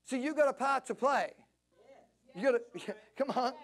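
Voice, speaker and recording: Aussie pastor preaching, voice way up high, gets loud and fervent. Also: male voice, normal speed. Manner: impassioned preaching, rising to near-shouts. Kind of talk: sermon. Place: church service.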